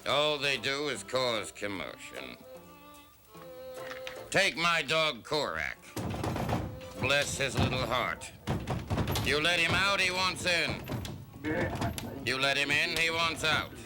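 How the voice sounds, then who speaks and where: A man delivering a deadpan comic monologue. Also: medium pitch, slow pace, pauses often, over music. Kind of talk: stand-up style comic monologue.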